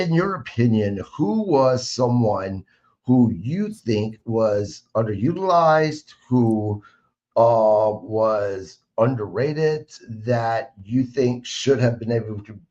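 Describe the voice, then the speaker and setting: A man hosting a podcast interview who asks measured questions and offers brief affirmations. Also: lowish voice, animated, a little mellow. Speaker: podcast host. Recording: dull, lo-fi sound.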